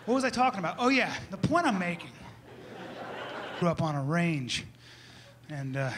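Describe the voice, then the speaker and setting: A man performing a comic monologue, animated, breaking into shouted high character voices. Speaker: comedian. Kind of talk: stand-up style comic monologue.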